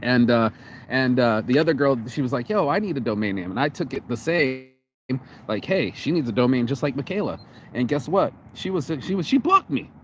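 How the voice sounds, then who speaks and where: A man's voice: mid-range voice, expressive, fairly quick, slight background noise. An American man vlogging outdoors in the cold, talking casually in a rambling, profane way with many restarts and repeated words. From United States. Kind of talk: casual vlog monologue.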